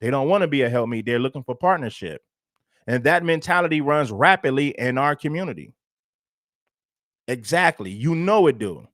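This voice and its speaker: A man's voice: medium pitch, expressive, moderate pace, fairly bright tone, no room sound, clean studio sound. A male livestream host giving emphatic, preachy, repetitive commentary. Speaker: show host.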